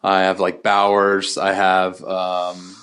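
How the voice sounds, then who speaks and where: A man's voice: low-pitched, monotone, slow pace, fairly bright tone, clear, resonant tone. A young man in his twenties co-hosting a podcast, chatting casually in slang with lots of fillers and restarts. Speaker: podcast co-host. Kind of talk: casual chat.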